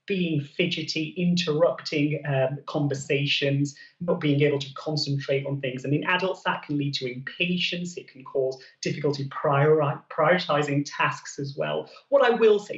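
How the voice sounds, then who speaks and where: Male TV doctor, brisk advice-giving delivery, somewhat high voice, heard from a distance in a roomy studio. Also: highs cut off. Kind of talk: explaining health advice on a morning show.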